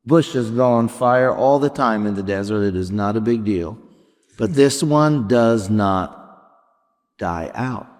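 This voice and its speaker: A male rabbi preaches in a mid-pitched voice and carries the story along with pauses and soft dips. His words trail off into the long reverb of a large sanctuary. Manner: reflective, dramatic pauses and shifting volume. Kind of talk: sermon with storytelling. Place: large sanctuary before a congregation.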